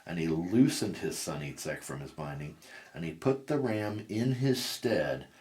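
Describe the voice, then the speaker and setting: A man reading scripture aloud word for word, steady and deliberate. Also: low voice. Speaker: scripture reader.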